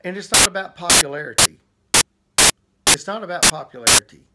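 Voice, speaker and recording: A man's voice: high-pitched, animated, a little fast, over loud music, poor audio. A man, an evangelist preaching earnestly to camera with repetitions. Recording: heavy static hiss.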